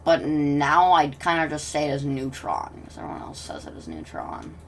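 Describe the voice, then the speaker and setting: A woman giving casual, rambling gameplay commentary, often interrupting herself and dropping into soft mutters. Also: deep voice, sing-song, a little fast, vocal fry, far from the mic, slight background noise. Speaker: gaming commentator.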